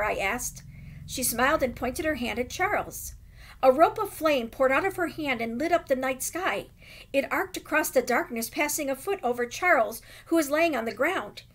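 A woman teacher reading a children's novel aloud with expressive, dramatic emphasis. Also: high-pitched, moderate pace.

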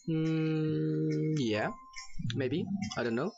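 Jokey male gamer narrating his playthrough, voices the characters, animated pitch, muffled recording. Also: measured pace. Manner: reads game characters aloud in shifting voices; jokey, offhand. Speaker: gaming YouTuber. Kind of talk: casual let's play commentary. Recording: dull lo-fi mic with faint game music.

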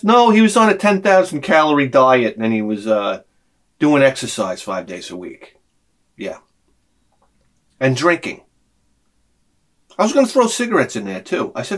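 A middle-aged man ranting to camera as a vlogger, profane and sarcastic, dropping to mutters and then shouting his outbursts. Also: mid-range voice, very animated, moderate pace, long pauses. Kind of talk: rambling comic rant to camera.

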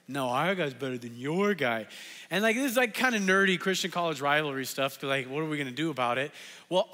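A young man preaches in a church, and his tone is high and lively. He tells a story casually and uses many fillers. His voice carries long reverb from a large hall. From Southern California. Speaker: pastor. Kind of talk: storytelling sermon. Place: church sanctuary.

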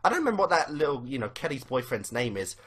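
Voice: medium pitch, sing-song, fast, husky. A young adult fan giving casual, rambling commentary on a cartoon, with lots of fillers and swearing. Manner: rambling, full of "you know" fillers and swearing. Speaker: fan reacting to a cartoon episode.

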